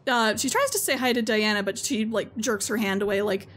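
A woman's voice: mid-range voice, a little fast, fairly bright tone, a little hiss or hum. A woman narrating a tabletop game as game master, chatty and laughing often.

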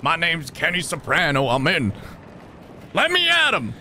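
A man's voice: fairly high pitch, huge pitch swings, unhurried, bright, forceful tone, slight background noise, pitched above the performer's own voice, heavily acted. A man putting on a brash tough-guy mobster voice for a made-up teammate. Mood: cocky. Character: tough-guy male mobster gamer boasting.

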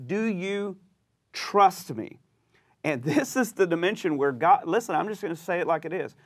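A male pastor teaches in a relaxed back-and-forth with a co-host. His voice sits a little high and swings widely in pitch as he acts out the people in his stories. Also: fast talker. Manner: animated storyteller, acts out quoted voices. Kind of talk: sermon-style teaching conversation.

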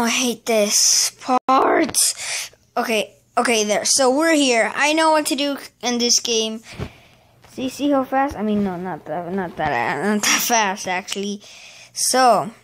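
A woman with a fairly high voice talks through a game she is playing, in casual commentary for her channel. She speaks slowly and drags her words out. She keeps scolding the game and exclaiming in frustration. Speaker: gaming channel host.

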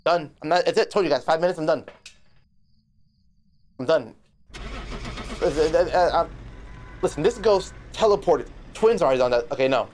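Male game streamer, loose and excitable, rambles and curses his way through live commentary. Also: fairly high pitch, normal speed, long pauses, slight background noise. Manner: excitable, swearing, rambling with restarts.

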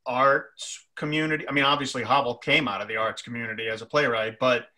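A man with a bright, forceful voice asks questions in a loose, conversational interview. His phrasing is halting, full of restarts and fillers as he feels his way toward each question, and his pitch sits in an ordinary middle range. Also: fairly even intonation.

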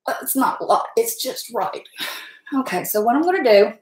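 A middle-aged woman, hosting a casual cooking stream from her home kitchen, folksy and chatty, laughing often and talking fast from nerves. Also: a little high, expressive, a little mellow. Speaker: home cook and channel host. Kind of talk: casual cooking livestream chat. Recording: echoey kitchen room.

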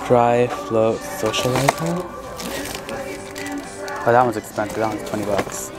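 A man chatting casually as a vlogger out thrift shopping, excitable and full of "like". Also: on the low side, a little slow. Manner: excitable, chatty, heavy use of "like". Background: background music.

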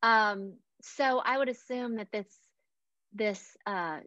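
A woman's voice: a little high, slow pace, sharp tone, no echo. A woman hosting a podcast interview, chatting in an upbeat, talkative way and laughing often. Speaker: podcast host. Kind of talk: casual interview chat. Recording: dull lo-fi sound.

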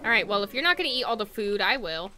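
A woman streaming a video game, loudly and expressively reacting to it and talking to the game characters as she plays. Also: mid-range voice, sing-song, quick pace, a little hiss or hum. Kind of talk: live gameplay commentary.

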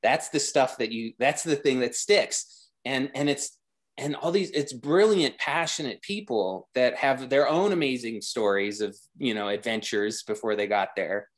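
A man's voice: medium pitch, a little slow. A man talking as a guest designer in a casual interview, rambling with many restarts and growing enthusiastic.

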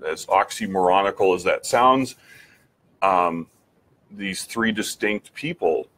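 A man with a low, husky voice shares his faith testimony in an earnest, reflective way. He pauses often, restarts his sentences, and turns to the listener with direct questions. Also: fairly bright tone. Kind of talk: personal testimony talk.

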